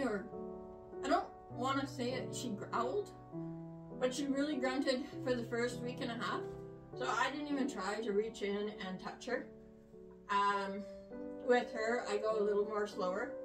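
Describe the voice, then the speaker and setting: An older woman showing her rabbits in a casual vlog, rambling with fillers and talking softly to the animals, recorded in a shed. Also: on the high side. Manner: soothing, coaxing with animals. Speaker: homesteader. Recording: echoey, distant from the mic, music behind.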